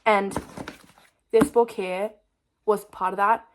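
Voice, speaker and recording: A young woman talks straight to her camera in an easy, rambling way. Her voice sits in an ordinary middle pitch, and she strings thoughts together with plenty of "like". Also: fairly even intonation, slow pace, slight background noise. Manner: rambling and chatty, filled with "like". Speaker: vlogger. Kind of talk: casual chat to camera.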